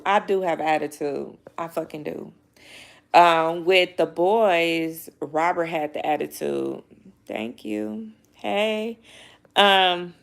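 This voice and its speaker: A woman's voice: low-pitched, vocal fry. A young pregnant woman chatting casually to camera, blunt and swearing a lot, laughing often, and feeling sick. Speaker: vlogger.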